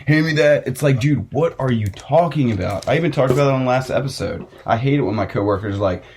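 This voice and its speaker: A man's voice: medium pitch, animated, quick pace, darkish tone, slight background noise. Profane ranting young man. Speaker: podcast host. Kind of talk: casual chat.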